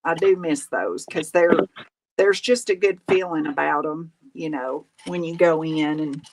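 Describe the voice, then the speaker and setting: Craft-show host, woman with a Southern accent; slow, homey chatter, faint hiss underneath. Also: low voice, darkish tone, low-quality recording. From Tennessee, USA. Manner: chatty, folksy exclamations. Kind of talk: casual chat while crafting.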